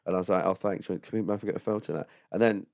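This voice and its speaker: A man chatting as a podcast guest, telling lively stories, laughing often and imitating other people. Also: sits low, very fast, gravelly. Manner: animated storyteller, laughs often, mimics others. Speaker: comedian guest. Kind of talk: casual chat.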